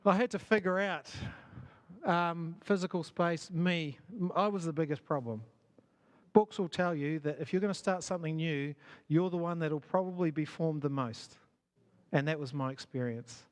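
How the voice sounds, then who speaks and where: A man speaks to a church gathering, his voice sitting a little higher than most men's. He talks loosely and conversationally, tosses questions to the crowd and laughs at his own failings. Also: normal speed. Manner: conversational, self-deprecating, asks the audience questions. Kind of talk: conference talk to an audience. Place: church hall.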